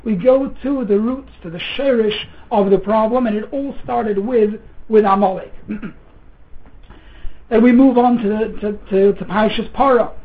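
A man giving an earnest Torah lecture, mixing Hebrew terms into English, often repeating words and clearing his throat. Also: high voice, measured pace. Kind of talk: sermon. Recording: tinny phone-like sound.

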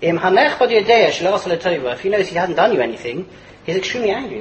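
A man teaching a Torah class in a lively lecture, chuckling as he explains and mixing Hebrew and Yiddish terms into his English. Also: high voice, quick pace, a little hiss or hum, low-quality recording. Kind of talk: animated religious lecture.

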